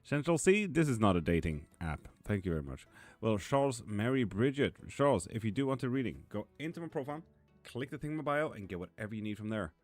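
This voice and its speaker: A man's voice: fairly low pitch, lively intonation, fast talker, darkish tone, faint music behind. A man hosting a live tarot stream, chatting casually and bluntly as he answers viewers by name. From Sweden. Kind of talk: casual live-stream chat reading comments. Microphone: streaming mic.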